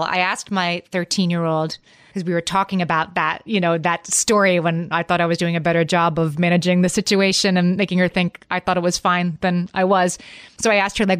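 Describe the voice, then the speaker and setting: Woman in her forties, lowish voice, lively storyteller on a casual podcast, dry close mic. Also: normal speed, smooth, dry recording. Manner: lively storyteller, acts out quotes. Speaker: podcast co-host. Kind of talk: casual parenting chat.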